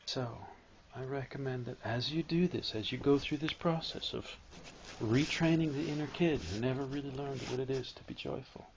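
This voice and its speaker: A man giving a live spiritual talk to an audience, animated and storytelling, at times acting out a whining child. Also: mid-range voice, normal speed, lo-fi sound, a little hiss or hum.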